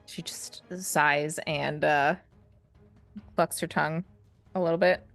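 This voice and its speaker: Female game master, very low gravelly voice, faint music behind. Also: slow. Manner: relaxed, frequent fillers. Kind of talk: narrating a tabletop game.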